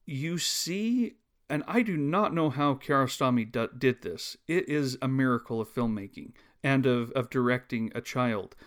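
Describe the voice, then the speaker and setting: A man co-hosting a casual film discussion, earnest and halting, restarting his sentences often. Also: medium pitch, fairly bright tone. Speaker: podcast co-host.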